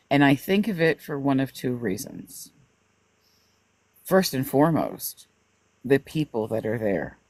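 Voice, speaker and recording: A man's voice: medium pitch, darkish tone, dry recording. A man on a political panel show, talking casually and telling a story by quoting a conversation, over a video call.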